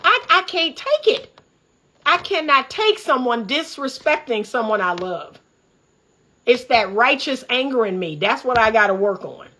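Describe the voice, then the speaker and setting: A forceful, bright voice on the high side comes from a middle-aged relationship coach from the Washington D.C. area hosting a livestream. She speaks expressively at a moderate pace, and her commentary monologue is fired-up, preachy and candid.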